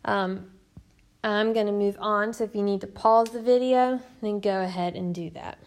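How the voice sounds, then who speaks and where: In a recorded classroom lecture, a young woman speaks straight to her students while teaching science, keeping things chatty and upbeat. Her medium-pitched voice holds a steady tone at a moderate pace.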